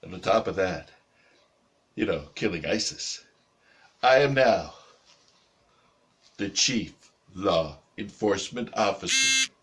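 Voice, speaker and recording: A man doing a stand-up comedy bit with a slow, mocking drawl. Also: fairly low pitch, wildly swooping pitch, fairly bright tone.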